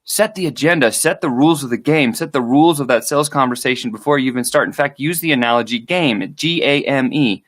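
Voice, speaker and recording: Energetic man coaching sales, dry sound. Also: medium pitch, quick pace, few pauses, no room sound. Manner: energetic, emphatic and motivational, acting out sample calls. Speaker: sales trainer. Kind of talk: direct-to-camera sales coaching.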